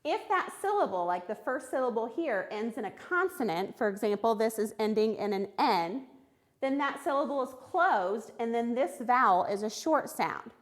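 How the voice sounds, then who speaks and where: A woman teaching a recorded phonics lesson to young children, sounding out words clearly and praising answers. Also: a little high, expressive, moderate pace. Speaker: third grade reading teacher.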